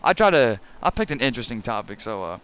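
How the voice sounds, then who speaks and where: A man's voice: medium pitch, very animated, fast, a bit bright, smooth. A young man hosting a gaming channel, telling a story over gameplay in a rambling, casual way full of "you know" and fillers.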